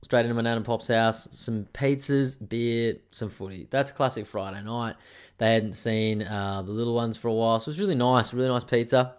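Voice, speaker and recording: A man's voice: medium pitch, steady tone, normal speed, smooth. Rambling man hosting a podcast. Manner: rambling, swears often, self-mocking. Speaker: podcast host. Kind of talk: casual solo podcast chat.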